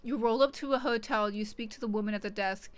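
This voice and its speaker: A woman's voice: mid-range voice, fast talker, clean tone. A woman streamer chatting casually to her audience in a rambling, irreverent way, swearing freely. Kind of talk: casual live-stream chat.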